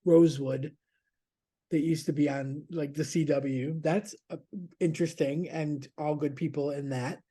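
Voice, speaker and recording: Man, casual podcast chat, rambling and cursing, dark mellow voice. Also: fairly high pitch, steady tone, unhurried. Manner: rambling, laughing, swears freely. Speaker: regular queer news contributor.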